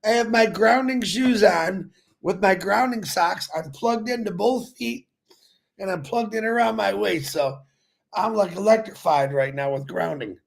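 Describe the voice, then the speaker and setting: A man's voice: high voice, a little slow, gravelly. A man co-hosting a casual live stream, chatty and playful. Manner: chatty and playful, laughing often.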